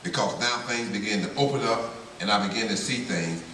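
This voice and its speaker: A man's voice: lowish voice, a little fast, bright, forceful tone. A man tells his testimony to a banquet crowd with earnest, story-driven delivery. His voice echoes heavily around a large hall and sounds distant from the microphone. A faint hiss sits under the recording. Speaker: banquet speaker. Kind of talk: testimony speech.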